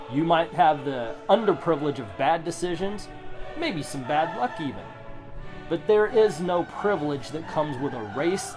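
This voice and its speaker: Sarcastic ranting middle-aged man. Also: fairly high pitch. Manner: sarcastic, swears, rants. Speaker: comic book reviewer. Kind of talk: ranting comic review commentary. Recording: music playing under the voice. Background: background music.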